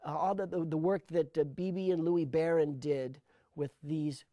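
Middle-aged male sound designer, animated interview storyteller, a bit high-voiced, close and dry. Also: normal speed, dry recording. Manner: animated storyteller, repeats words when starting thoughts. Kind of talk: interview conversation.

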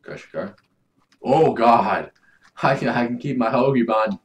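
A man's voice: mid-range voice, expressive, drawn-out words, long pauses, background noise. A young man giving casual, crude, jokey commentary while playing a video game. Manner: laid-back, crude, jokey, mumbling asides. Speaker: gaming video host.

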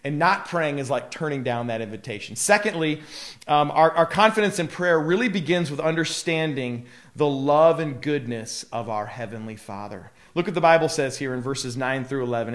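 A man's voice: fairly high pitch, normal speed, fairly bright tone. A male pastor giving a live devotional talk, earnest and emphatic, with casual fillers.

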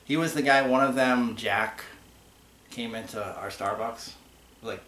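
At a measured pace and medium pitch, with a fairly bright tone, a man co-hosts a casual online show. He handles viewer questions by chatting and spinning rambling stories, restarting as he goes, in an echoey space with slight hiss.

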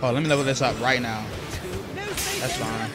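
A man's voice: mid-range voice, moderate pace, over a noisy crowd. A man giving playful gameplay commentary, trash-talking opponents as he plays. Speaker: gaming YouTuber. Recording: game music behind voice. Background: video game music.

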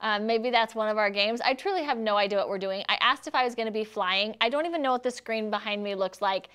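A woman's voice: medium pitch, fast talker, fairly bright tone, clear, resonant tone. A woman hosting a casual live stream, chatty and self-deprecating, laughing often between lines. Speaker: live show host.

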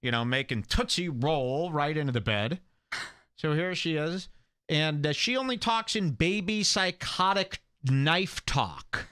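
A man's voice: a little high, animated, measured pace, bright, forceful tone, smooth, no room sound, clean studio sound. Crude, mocking male talk show host. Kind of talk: comedic talk show rant.

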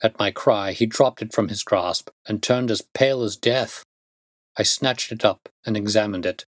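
A man reading a classic detective story aloud in a measured, steady narration. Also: on the low side, no room sound. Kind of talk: audiobook narration.

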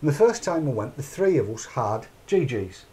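Hosting a laid-back chat podcast, a middle-aged man chats in a meandering way and describes his own actions aloud. He has a mellow, mid-range voice with big pitch swings and a moderate pace.

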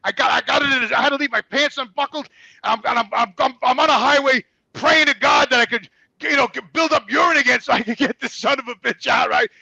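A man's voice: very high-pitched, fast, gravelly, pushed and bright, husky, no room sound, highs cut off. A middle-aged man, a truck driver, telling long blunt stories with constant swearing in a rambling, casual way. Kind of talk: casual storytelling.

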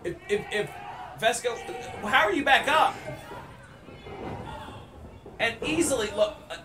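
A man's voice: very high-pitched, lively intonation, slow, roomy sound, recorded from a distance, over music, crowd noise. A man co-hosting a casual chat, joking and riffing with mock outrage over a wrestling match. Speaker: podcast co-host.

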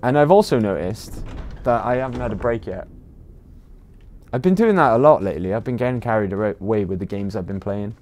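A man's voice: lowish voice, lively intonation, brisk, darkish tone. Chatty British man streaming a game. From Britain. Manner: chatty, rambling, with frequent ums and uhs. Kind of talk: casual livestream commentary.

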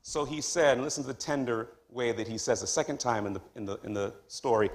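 A man preaching a sermon as pastor of a church, dropping to hushed tones and then rising to loud, high exclamations. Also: fast, hardly any pauses. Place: church sanctuary.

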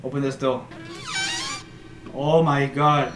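A young gaming YouTuber does let's play commentary on a horror game from a room at home, jumpy, swearing, and shrieking when startled. His voice is mid-range at a moderate pace, recorded in an echoey room with faint noise.

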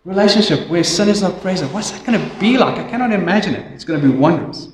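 A man with a South African accent preaching a sermon as pastor, slow and emphatic, often dropping to a quiet, intense hush. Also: high-pitched, animated, a little hiss or hum. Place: church. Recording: echoey church hall.

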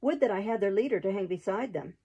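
A woman's voice: medium pitch, lively intonation, fast, vocal fry, dark tone, breathy edge, muffled recording. A woman voicing a surly, greedy male sheriff in a storybook, growling, scornful and impatient.

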